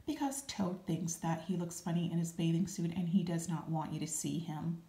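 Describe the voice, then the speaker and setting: A woman doing a calm, helpful frog. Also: fairly low pitch, moderate pace, lightly acted. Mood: friendly. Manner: calm, reassuring. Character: patient, helpful male frog friend. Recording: roomy echo.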